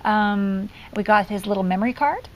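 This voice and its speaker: A woman's voice: medium pitch, moderate pace, darkish tone. A middle-aged woman talking in a casual diary vlog, rambling and heartfelt with many ums, recorded outdoors on a handheld camera. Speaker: vlogger. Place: outdoors near trees.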